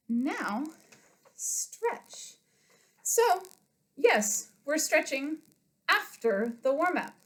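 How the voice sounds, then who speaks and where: Woman PE coach, high voice, slightly out of breath, counting reps for kids, echoey room, webcam across the room. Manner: counts reps aloud, explains simply to children. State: a little out of breath. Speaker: elementary school PE coach. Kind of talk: home workout lesson for kids. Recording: roomy webcam sound from a distance.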